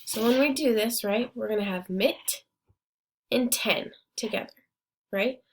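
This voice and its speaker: A woman's voice: a little high, unhurried, slight background noise. A young woman teaching a phonics lesson, encouraging her students and breaking words into syllables one at a time.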